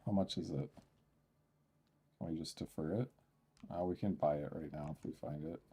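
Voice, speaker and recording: A man's voice: a bass voice, normal speed, husky. A man chatting casually on a live game stream from his home office. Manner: relaxed, talks to chat and his cat.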